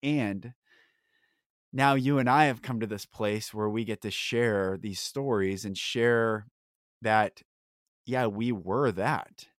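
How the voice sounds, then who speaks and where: A male podcast host speaks with an earnest, emphatic delivery, leaning hard on certain words. His voice sits low. The sound is dry and close, with no room around it. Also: slow pace, dry recording. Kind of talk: candid podcast conversation.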